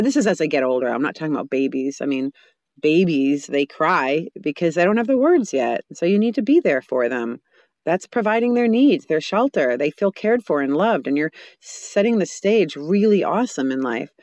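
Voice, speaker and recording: Animated woman giving parenting advice. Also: fairly low pitch, dry recording. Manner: animated, acts out parents and children in quick voices; frequent restarts and fillers. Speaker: parenting speaker. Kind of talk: casual advice monologue.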